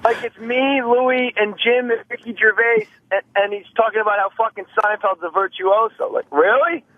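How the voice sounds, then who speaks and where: A man calling in to a radio show, telling rapid, profane stories and acting out other comedians' lines. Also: extremely high pitch, phone-quality sound. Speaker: phone-in comedian guest. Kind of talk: animated phone-in storytelling. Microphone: phone line.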